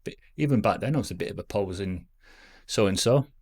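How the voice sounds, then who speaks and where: A man in his fifties with a fairly low voice. He talks straight to a camera on a stand at home, reminiscing and rambling in a loose, self-deprecating way. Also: animated, a little fast, darkish tone, husky. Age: 50s. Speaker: vlogger.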